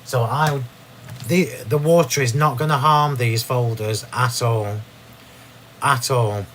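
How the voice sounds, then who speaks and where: A man's voice: medium pitch, steady tone, slow, a bit bright. A man hosts a live crafting demonstration from his home craft room. He talks in a chatty, rambling way, restarting sentences and laughing at his own mishaps, in an ordinary mid-range voice. A faint background hiss sits under the recording. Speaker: craft demo host.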